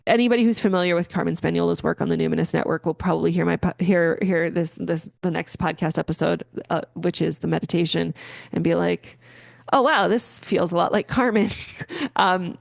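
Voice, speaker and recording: Low, gravelly-voiced woman rambling casually. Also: fairly even intonation, brisk, no room sound, studio quality. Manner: rambling, filler-heavy, gently encouraging. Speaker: podcast host. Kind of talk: casual spoken explanation.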